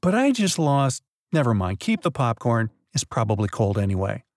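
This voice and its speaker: A podcast co-host patiently tells a mystery story with dramatic build-ups in casual storytelling chat. His medium-pitched voice is sing-song and darkish at a moderate pace, recorded dry with clean studio sound.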